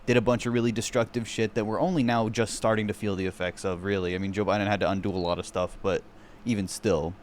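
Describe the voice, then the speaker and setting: A man's voice: lowish voice, level tone, quick pace, slight background noise. A man streaming, reacting with sarcastic, profanity-laden mockery in casual commentary. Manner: profane, mocking, sarcastic rants.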